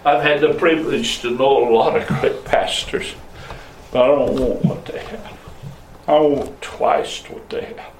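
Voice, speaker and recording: Male pastor mid-sermon, mid-pitched voice, dramatic swings in volume, captured from across a reverberant room. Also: steady tone, unhurried, a little hiss or hum. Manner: preaching with sharp swings between loud high calls and low murmurs. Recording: echoey room, voice from a distance.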